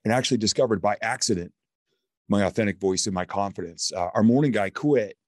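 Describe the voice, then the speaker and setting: A man's voice: on the low side, fast, no room sound, studio quality. A middle-aged man, a guest speaker and former radio producer, telling stories in casual conversation and acting out the voices of people he quotes. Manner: animated storyteller who acts out quoted voices. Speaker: guest, keynote speaker and author.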